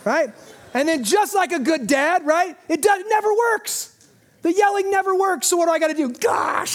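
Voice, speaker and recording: High-voiced impassioned male preacher. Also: moderate pace. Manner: impassioned preaching with sudden drops to quiet intensity. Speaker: pastor. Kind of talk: sermon.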